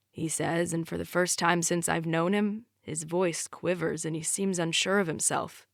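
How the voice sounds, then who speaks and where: Woman narrating in a low, dry voice. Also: flat delivery, normal speed, gravelly, no echo. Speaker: audiobook narrator. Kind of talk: first-person romance audiobook narration.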